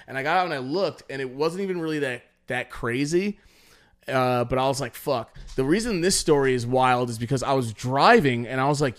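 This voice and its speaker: A man's voice: medium pitch, a little fast. A young man co-hosting a podcast, telling rambling, profane stories and quoting people in put-on voices. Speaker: podcast co-host. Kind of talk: casual storytelling chat.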